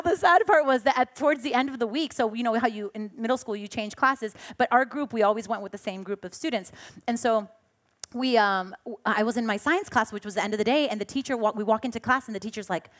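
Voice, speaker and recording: Woman preacher, slightly high voice, animated storytelling, acts out voices, church stage mic. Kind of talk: sermon with personal storytelling.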